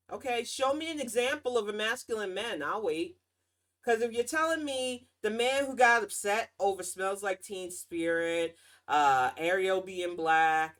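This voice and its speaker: Sarcastic woman ranting about politics. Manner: animated, swings in pitch and loudness. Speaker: podcast host. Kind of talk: casual political commentary.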